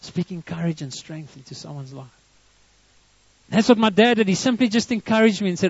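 High-voiced South African preacher man. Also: expressive, a little fast, a little mellow, slightly rough, no echo. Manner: storytelling, conversational, with frequent restarts and chuckles. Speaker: pastor. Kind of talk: sermon. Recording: dull, muffled dry recording.

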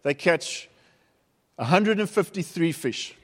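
South African preacher in an echoing hall. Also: male voice, a little high, animated, slow. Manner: conversational, humorous storytelling. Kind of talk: sermon. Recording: reverberant hall.

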